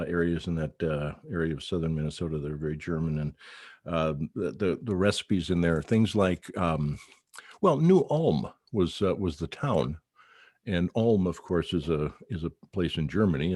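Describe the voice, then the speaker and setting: A man's voice: low voice, normal speed, darkish tone, husky, no echo. A man in his sixties hosting a casual radio chat, rambling with many fillers and restarts. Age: 60s. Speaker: radio show host.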